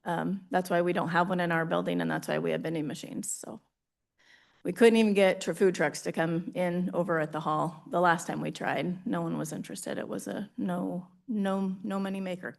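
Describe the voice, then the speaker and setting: A woman's voice: lowish voice, fairly even intonation, normal speed, vocal fry. A woman county official speaks at a public meeting, a little out of breath. She hesitates often, stopping to restart her sentences. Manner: hesitant, many ums and restarts.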